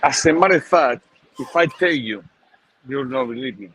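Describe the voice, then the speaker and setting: A man as a guest telling an animated story in casual, broken English. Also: medium pitch, normal speed, rough recording.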